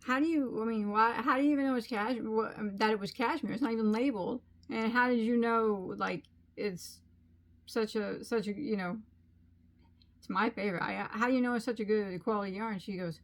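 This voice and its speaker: A woman's voice: fairly high pitch, normal speed. A middle-aged woman chatting casually on her crochet channel, rambling along with frequent ums as she tells a story. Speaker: crochet vlogger.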